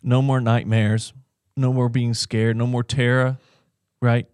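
A man's voice: medium pitch, flat delivery, unhurried, a little mellow, smooth, no room sound. Earnest man teaching faith on a livestream. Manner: earnest, encouraging, addresses viewers directly. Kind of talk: conversational Christian teaching.

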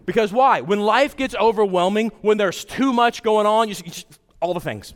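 A man preaching a sermon as pastor, in a conversational, animated style with casual asides. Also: high-pitched, moderate pace. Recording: long hall reverb.

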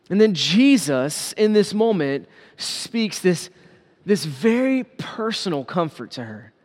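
High-voiced preaching man in a hall. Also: lively intonation, normal speed. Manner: earnest, emphatic preaching with repeated phrases. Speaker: pastor. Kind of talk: sermon.

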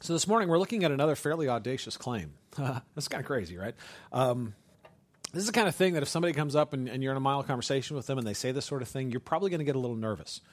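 A man preaching a sermon in a conversational, humorous way, often checking in with "right?" and breaking into quick asides. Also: medium pitch, lively intonation. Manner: hushed, slow prayer. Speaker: pastor.

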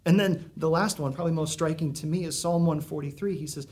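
A man delivers a sermon, speaking earnestly and conversationally. He leans into dramatic pauses and emphasis, and his voice sits a little high for a man. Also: darkish tone. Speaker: pastor. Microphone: recorded for viewers at home.

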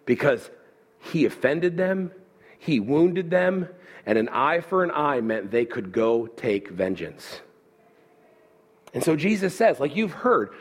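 Male pastor preaching, husky voice, rises high for rhetorical questions, lively. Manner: animated preaching, voicing listener objections. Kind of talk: sermon.

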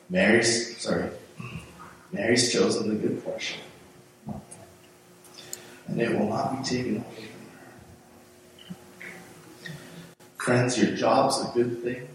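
A man's voice: mid-range voice, a little slow, long pauses, slight background noise. A man preaching a sermon as pastor in a church, speaking conversationally with frequent restarts and repeated words. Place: church sanctuary. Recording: very echoey room, voice from far off.

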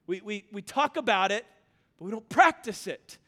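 A man with a high voice preaches a sermon, moving from stumbling storytelling into rising, insistent calls that repeat each phrase. The sound rings with the long reverb of a church hall. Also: expressive, moderate pace. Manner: builds from storytelling to loud, urgent exhortation with repeated phrases; frequent stammered restarts. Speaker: pastor.

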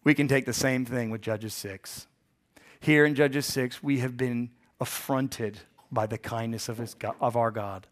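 A man in his forties preaching a sermon as pastor, hoarse from bronchitis, joking with the congregation and rising to loud, emphatic peaks. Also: medium pitch, fairly even intonation, a little slow. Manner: jokey asides, rises to loud emphatic peaks.

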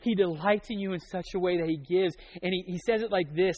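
High-voiced young man preaching a sermon. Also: a little mellow. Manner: conversational and joking, with quick asides. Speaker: pastor. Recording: dull lo-fi recording.

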